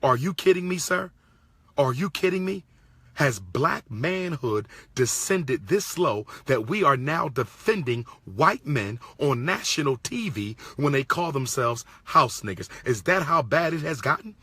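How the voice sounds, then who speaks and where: A man's voice: on the high side, animated, a little slow, sharp tone, breathy edge, no room sound. A man from Pennsylvania giving an indignant commentary, repeating his points and firing off rhetorical questions. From Pennsylvania, USA. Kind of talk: impassioned monologue.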